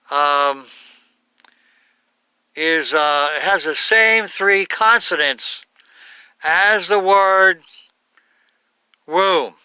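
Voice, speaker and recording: A man giving an unscripted Bible talk, halting, with many fillers and self-corrections. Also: on the high side, sharp tone, smooth, no echo. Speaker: Bible teacher.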